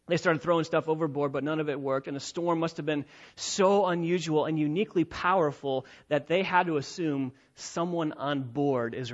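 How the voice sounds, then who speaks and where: A male preacher delivering an expository sermon with a high-pitched voice. He talks emphatically and repeats his points, swinging between loud stresses and quiet asides. The recording sounds muffled and lo-fi.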